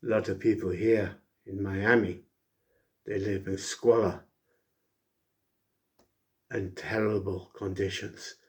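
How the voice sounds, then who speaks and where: A man doing a quiet, low impression of a cocky male wrestler, boasting in a put-on accent. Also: flat delivery, slow pace, long pauses.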